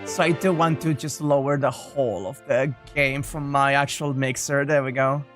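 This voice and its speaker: A woman's voice: very deep voice, fairly even intonation, moderate pace. A woman streaming a game in casual chat, flustered and exclamatory as she struggles with the volume. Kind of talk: casual let's-play chat. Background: game music.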